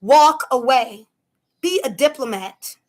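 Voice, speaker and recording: A woman telling a story to camera in a casual rant, emphatic and animated, acting out her own shouts. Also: high-pitched, takes it slowly. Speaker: vlogger.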